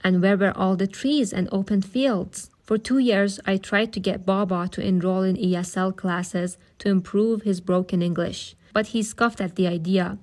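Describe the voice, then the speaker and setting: A woman reading a novel aloud in a calm, steady, audiobook style, with occasional asides of her own. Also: mid-range voice, moderate pace, few pauses.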